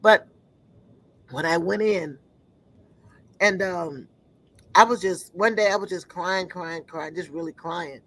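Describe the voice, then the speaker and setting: A woman giving an earnest personal testimony, often pausing to search for words. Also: on the low side, fairly bright tone, poor audio.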